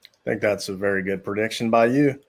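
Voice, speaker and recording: A man's voice: lowish voice, fairly quick. A man speaking as a guest recruiting analyst on a sports radio show, hesitant, with many ums and repeated words. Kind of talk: casual sports radio interview.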